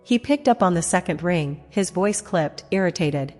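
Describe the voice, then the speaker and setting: A woman narrating a first-person dramatic story in a measured voice with heavy pauses. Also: on the low side, animated, dark tone. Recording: long reverb, music behind.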